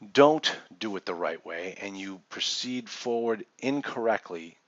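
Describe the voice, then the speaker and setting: A man's voice: lowish voice, dry recording, dull audio. A man instructor presenting a seminar, telling a story and acting out the people in it. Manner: animated storytelling with quoted dialogue. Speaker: real estate investing instructor.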